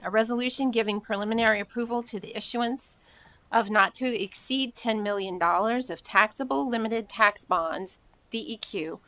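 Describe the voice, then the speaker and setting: Mid-pitched woman, council chair reading agenda items, formal and measured. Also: bright, forceful tone, dry recording. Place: council meeting chamber.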